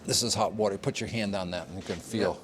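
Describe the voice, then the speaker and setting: Talking fast in a deep voice, an older Vermonter rambles through a casual greenhouse tour, full of fillers and frequent chuckles. The walking-tour interview has faint music in the background.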